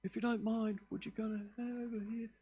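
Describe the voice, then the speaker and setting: A man playing a desperate blind beggar who shouts and pleads for help. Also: sits high, flat delivery, a little fast, echoey room, pitched above the performer's own voice, natural voice. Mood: sheepish coaxing. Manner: loud pleading cries.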